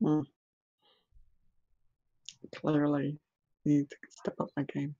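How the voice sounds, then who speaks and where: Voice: medium pitch, monotone, takes it slowly, dark tone, lo-fi sound. A game master narrating a tabletop game, hesitant and full of ums and restarts.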